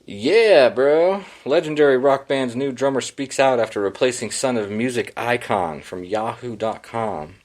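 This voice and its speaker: A man's voice: medium pitch, normal speed, few pauses. A man hosting a solo podcast, reading headlines and riffing on them in a sarcastic, profane, rambling way. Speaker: podcast host.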